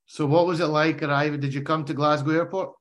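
A man's voice: a little high, steady tone, fast. A man interviewing a former teammate, asking friendly questions in casual chat.

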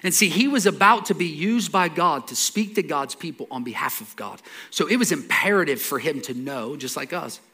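A man preaching a sermon, telling a scripture story with lively acted-out dialogue, repeating words and dropping into soft asides. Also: fairly high pitch, moderate pace, breathy edge. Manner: animated storytelling, acts out dialogue. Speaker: pastor.

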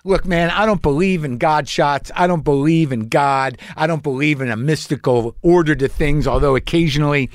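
A man's voice: a little high, moderate pace, few pauses, no echo, clean studio sound. Rambling, profane male comic storyteller. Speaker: comedian host. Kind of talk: storytelling monologue.

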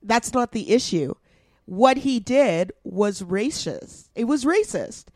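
Slow, blunt, swearing woman podcaster. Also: on the high side, expressive, a little mellow, no room sound, studio quality. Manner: blunt, profane, ranting. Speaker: podcast co-host. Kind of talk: casual podcast chat.

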